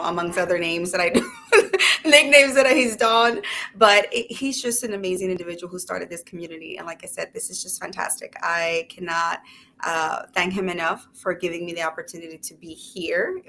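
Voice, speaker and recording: A woman's voice: lowish voice, a bit bright. Woman host, bubbly chat, slight background hiss. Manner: bubbly, effusive, many fillers. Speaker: show host. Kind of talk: casual chat.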